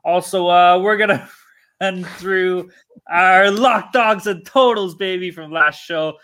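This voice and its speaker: A man's voice: sits high, slow pace, sharp tone. A young man hosting a sports betting podcast, chatting loosely with lots of swearing and jokes. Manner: loose, profane, joking banter. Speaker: podcast host. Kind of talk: casual podcast chat.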